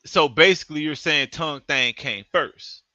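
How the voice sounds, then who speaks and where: A man's voice: on the high side, normal speed, pushed and bright. A man hosting a casual interview, laid-back and agreeable with lots of slang. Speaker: interview host. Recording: dull lo-fi audio.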